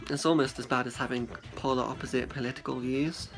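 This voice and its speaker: A man's voice: medium pitch, steady tone, vocal fry, over music. A young man rambling casually to a friend, chatty and profane, often acting out what people said. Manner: chatty and profane, quick to act out quotes. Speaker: vlogger addressing a friend.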